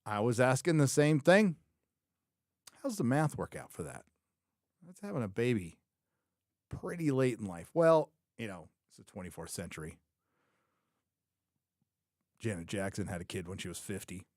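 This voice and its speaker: A fairly low, slightly mellow, sing-song male voice speaks at a moderate pace with long pauses, in clean studio sound with no room sound. As host of a live TV-series review show, he gives casual, opinionated commentary, rambling and thinking aloud, frequently correcting himself and repeating his lines for emphasis.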